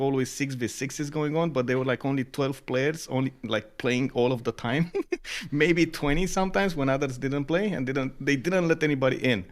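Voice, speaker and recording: Man casting a strategy game, halting. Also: mid-range voice. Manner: halting, filler-heavy talk, many uh and um; quick to laugh. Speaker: esports co-caster. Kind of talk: live game commentary.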